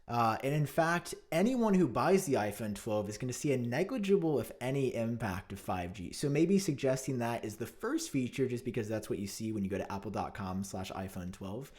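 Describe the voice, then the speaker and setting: Lively, sarcastic man ranting to camera. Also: mid-range voice, fairly quick. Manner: sarcastic, theatrical, swings between loud jabs and mutters. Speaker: tech vlogger. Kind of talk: mock-outraged commentary to camera.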